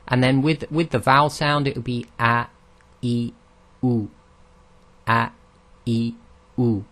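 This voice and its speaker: A man of middle pitch gives a recorded lesson on how Arabic letters are pronounced. He explains patiently, step by step, and models each sound aloud for his listeners to copy. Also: a bit bright. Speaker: Arabic pronunciation teacher.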